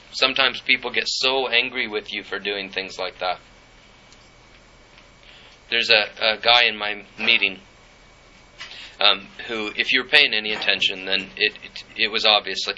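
A man's voice: on the low side, pushed and bright. A middle-aged man preaching a sermon, telling a personal story and reading scripture in an earnest way. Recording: dull lo-fi with faint noise.

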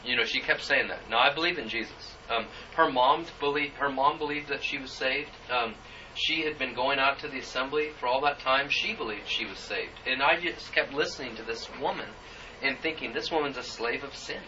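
Earnest preacher, bright voice, distant. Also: male voice, medium pitch, a little hiss or hum. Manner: earnest, halting storytelling with many fillers. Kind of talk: sermon with personal story. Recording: muffled, distant church recording.

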